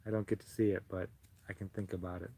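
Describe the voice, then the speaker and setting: A man hosting a relaxed livestream, chatting while he crochets. He is soft-spoken and sentimental and greets his viewers fondly. His voice is low-pitched and mellow. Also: fast, slightly rough. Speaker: livestream host. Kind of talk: casual chat while crocheting.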